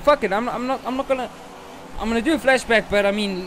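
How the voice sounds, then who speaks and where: Young male gamer host, frustrated and foul-mouthed, with a very lively pitch. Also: fast talker, a little hiss or hum. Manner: frustrated, swearing ranting at an opponent. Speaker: gaming channel host. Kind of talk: racing game commentary.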